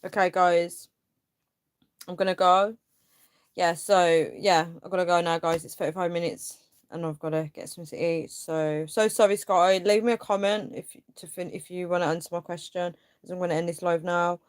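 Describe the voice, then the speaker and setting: A young woman with a clear, resonant voice on the low side speaks at a moderate pace with fairly even intonation, in clean studio sound with no room sound. As a casual livestream host, she reads viewer comments aloud and rambles through her frustration, using lots of fillers.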